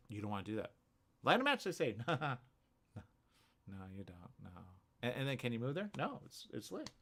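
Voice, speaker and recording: A man hosting a radio morning show, talking casually in a rambling, animated way full of restarts and asides. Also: fairly low pitch. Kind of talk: casual talk show monologue.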